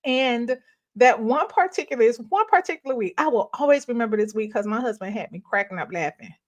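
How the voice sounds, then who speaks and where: A middle-aged woman talks to her viewers in an animated, chatty way, with a voice that sits a little high. She tells her story casually, laughs often and calls her listeners y'all. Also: brisk. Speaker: ministry host. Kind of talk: casual live-stream testimony.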